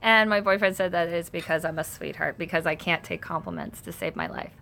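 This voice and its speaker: A woman's voice: on the low side, sing-song, fairly quick, vocal fry, fairly bright tone. A woman hosting a casual live stream from home. She reads viewer comments aloud and answers them, chatty and self-conscious, laughing often.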